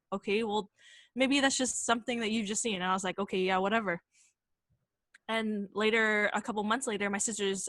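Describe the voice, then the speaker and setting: Young woman co-host rambling through a spooky story, dry close mic, middle pitch. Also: a bit bright, dry recording. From San Jose, California. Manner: chatty, many fillers and quoted voices. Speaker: podcast co-host. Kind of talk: casual storytelling.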